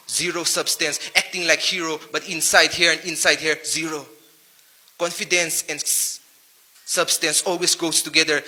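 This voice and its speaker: Bright-voiced man with a Naga accent. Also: high voice. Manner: preachy, rhyming wordplay, rhetorical questions. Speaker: rapper giving a motivational talk. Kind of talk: motivational speech to young men.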